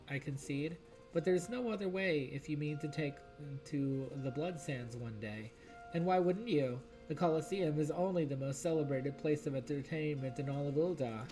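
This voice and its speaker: A man's voice: on the high side, natural voice. A man voicing a proud, grandiose male guild recruiter in a video game, speaking formally.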